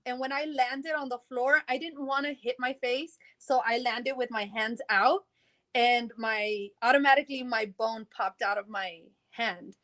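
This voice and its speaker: Her voice is on the high side, bright and forceful, with fairly even intonation and a slightly slow pace. She tells her story in a casual interview, wandering, voicing other people's quoted lines, and laughing between bits.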